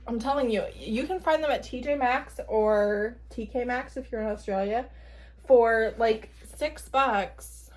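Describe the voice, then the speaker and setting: A woman casually vlogging at home, gushing excitedly and laughing often while unboxing a gift. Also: fairly high pitch, normal speed. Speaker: book vlogger. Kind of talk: casual day-in-the-life vlog. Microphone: camera at an odd angle without tripod.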